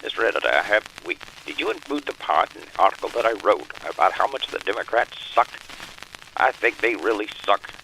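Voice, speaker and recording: A man's voice: fairly low pitch, expressive, a little fast, vocal fry, bright, forceful tone, a little hiss or hum, exaggerated voice, low-quality recording. A man doing a blustering old-time president. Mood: demanding. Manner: emphatic, repetitive, oratorical haranguing. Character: blustering early-1900s male president, ranting.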